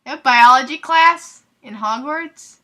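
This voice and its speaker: A woman's voice: sits high, takes it slowly. Giggly, sarcastic young woman reading aloud. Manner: sarcastic, giggly, deadpan asides. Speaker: host reading fanfiction aloud. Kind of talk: comedic readthrough with commentary.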